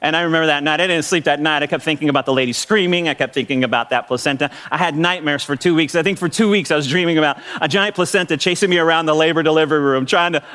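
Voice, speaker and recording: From the pulpit, a middle-aged male pastor shares a personal story as part of his sermon. His voice is high and quick, and he's animated, laughing often and restarting phrases along the way.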